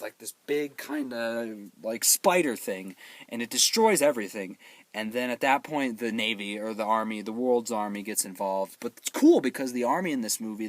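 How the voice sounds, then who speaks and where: A man hosting his own show, giving an excitable, rambling, joking recap of a movie and acting out the characters' lines. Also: lowish voice, dry recording. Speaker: movie reviewer, show host.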